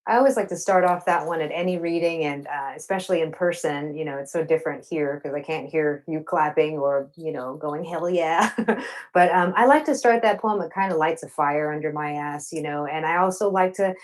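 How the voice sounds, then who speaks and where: Woman reading poetry, low voice. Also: poor audio. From Arkansas, USA. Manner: warm, playful talk between poems; slow, rhythmic poetry delivery. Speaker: poet. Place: at home, over a video call.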